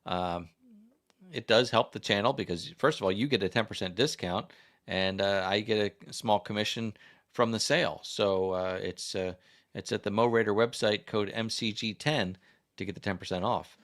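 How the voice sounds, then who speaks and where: A fairly low, slightly bright voice at normal speed belongs to an American man hosting a laid-back livestream. Through his desk microphone he rambles on, reading what viewers comment and asking them questions.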